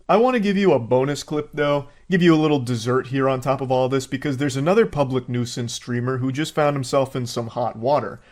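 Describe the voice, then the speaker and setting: A man narrating a commentary video in a scripted, sardonic and mocking way. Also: mid-range voice. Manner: sardonic, mocking, wordy insults.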